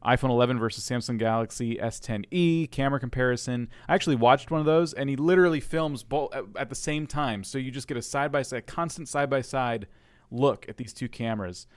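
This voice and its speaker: Smooth-voiced playful male co-host. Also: mid-range voice, brisk, no echo, studio quality. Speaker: co-host reviewer. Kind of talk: casual panel chat reviewing channels.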